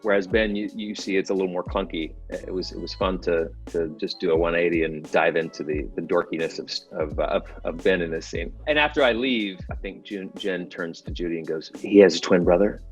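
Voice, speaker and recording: A man talks casually in an interview, fairly low in pitch. He is self-deprecating and laughs often between halting restarts. Faint music plays in the background. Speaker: actor.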